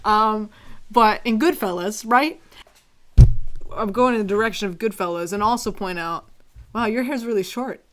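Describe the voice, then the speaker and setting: A young woman as a podcast guest in casual chat, animated and playful, laughing often. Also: medium pitch, normal speed, pauses often.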